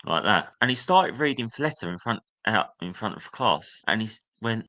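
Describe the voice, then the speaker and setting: This young guest tells open, memory-filled stories about his school years, occasionally slipping into a teacher's sneering voice. His mid-range voice has lively intonation, a sharp tone and a moderate pace with hardly any pauses.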